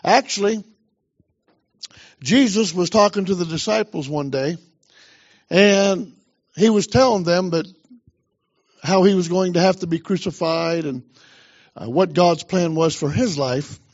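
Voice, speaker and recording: High-voiced preaching man, lo-fi sound. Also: unhurried, long pauses. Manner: emphatic preaching, urging the congregation on. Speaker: pastor. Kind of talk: sermon.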